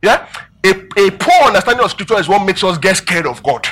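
A man preaching a sermon, animated and emphatic, calling out questions to his congregation. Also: high-pitched, brisk. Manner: emphatic, animated preaching with rising and falling volume.

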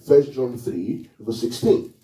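This pastor's sermon is slow and animated, his warm voice sitting at medium pitch. He often asks his congregation questions and waits for them to answer. The mic is distant, in an echoey hall.

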